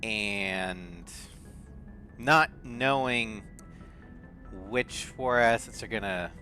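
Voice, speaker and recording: A man's voice: on the low side, very slow, bright, forceful tone. A man streaming a video game, chatting casually and reading in-game messages aloud in a thoughtful way. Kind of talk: casual gameplay commentary. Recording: faint game music behind.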